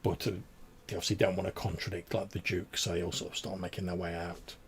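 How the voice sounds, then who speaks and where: A man's voice: deep voice, flat delivery, quick pace. A man narrating as game master, describing scenes in a loose, rambling way with many fillers.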